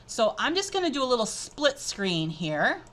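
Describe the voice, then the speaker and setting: A woman presenting an upbeat, chatty software tutorial as she clicks through a screencast. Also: on the high side, big pitch swings, moderate pace. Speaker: edtech presenter.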